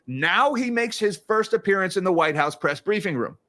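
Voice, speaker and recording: A man's voice: high-pitched, animated, moderate pace, pushed and bright. A man hosting a casual livestream of market commentary, chatty and given to sarcastic asides. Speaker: financial commentary host.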